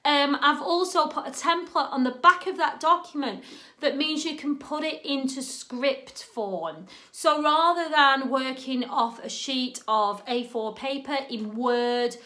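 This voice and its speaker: A woman teaching a drama and writing lesson, chatty and animated, often checking in with "okay?". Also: high voice, unhurried. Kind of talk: instructional talk.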